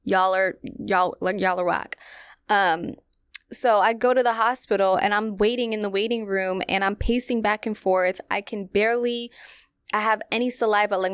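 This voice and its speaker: A woman's voice: mid-range voice, fairly bright tone, clean tone, dry recording. A young woman, hosting a podcast and candidly telling a personal story to her listeners in a casual, chatty way. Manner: candid, conversational, many fillers, addresses listeners directly. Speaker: podcast host.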